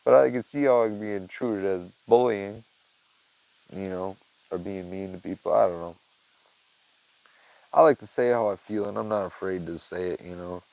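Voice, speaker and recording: Low gravelly dude just rambling in his garage, swears a lot, baby talk to the cat. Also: moderate pace, pauses often, darkish tone, poor audio. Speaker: vlogger. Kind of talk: casual monologue to camera.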